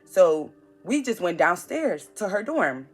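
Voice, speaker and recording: A woman's voice: lowish voice, slow, faint music behind. Blunt young New woman. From New York. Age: young adult. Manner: animated, blunt, slangy storytelling with acted-out quotes. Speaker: vlogger. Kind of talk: storytime vlog.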